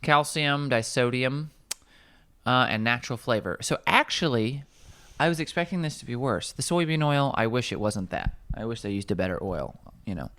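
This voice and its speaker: Wry, animated man reading food labels. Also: mid-range voice, normal speed, dry recording. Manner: animated, wry, lists ingredients aloud. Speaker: nutrition coach. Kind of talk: casual kitchen chat, reading labels. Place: office kitchen.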